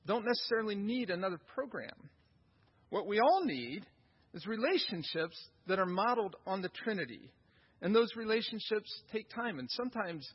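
High-voiced pastor preaching. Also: male voice, husky, dull audio. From United States. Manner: earnest, repeats phrases for emphasis. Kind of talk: sermon.

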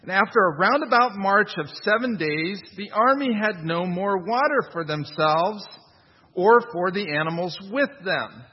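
A man's voice: high voice, lively intonation, measured pace, husky, big-room sound, highs cut off. A man preaching a sermon in a conversational, wry manner, with rhetorical asides. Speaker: pastor.

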